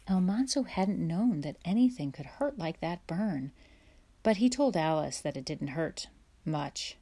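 A woman reading a children's chapter book aloud in a gentle, measured storytelling way. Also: low-pitched. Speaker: audiobook reader. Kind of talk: storybook read-aloud narration.

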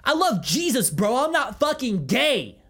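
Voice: sits high, big pitch swings, a little slow, fairly bright tone, pitched above the performer's own voice, full character voice. A podcaster putting on a hot-headed male Christian rock singer who protests in a raised, over-the-top indignant voice.

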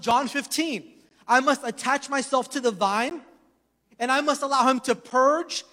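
A man preaching a sermon, telling stories and swinging between loud emphasis and hushed asides. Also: extremely high pitch. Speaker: pastor. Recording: long hall reverb.

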